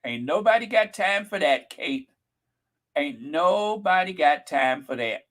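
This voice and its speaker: A man's voice: a little high, animated, measured pace, fairly bright tone, poor audio. A man hosting his channel in casual gossip commentary, sassy and mocking. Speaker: channel host.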